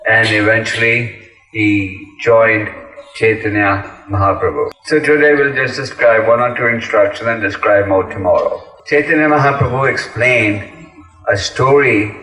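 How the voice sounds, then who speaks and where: A man in his fifties, a spiritual teacher, giving a lecture and telling a story with lively voices for its characters. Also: lowish voice, unhurried. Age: 50s. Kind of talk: lecture to devotees. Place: temple hall in Moscow. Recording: echoey hall, speaker far from mic.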